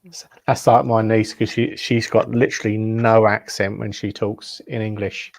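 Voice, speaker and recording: A man's voice: fairly low pitch, flat delivery, moderate pace, gravelly, no room sound. A middle-aged man in a casual group chat who answers with short murmurs and tells easygoing anecdotes. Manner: laid-back, short murmured replies.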